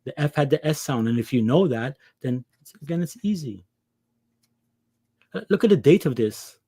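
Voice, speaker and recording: A man's voice: mid-range voice, expressive, normal speed, dark tone, slightly rough, no room sound. A man preaching an impassioned scripture lesson, pressing his listeners with rhetorical questions. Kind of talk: impassioned religious teaching.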